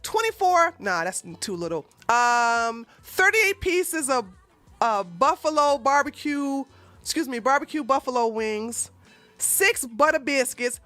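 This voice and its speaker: A woman giving sarcastic, profane reaction commentary, breaking into loud laughter and shouts. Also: on the high side, no echo.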